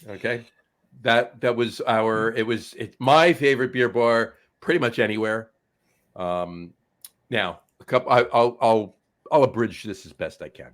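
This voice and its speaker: A man's voice: mid-range voice, fairly bright tone. A man co-hosting a casual beer podcast, rambling, losing his place and chuckling often. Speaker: podcast co-host. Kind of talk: casual chat.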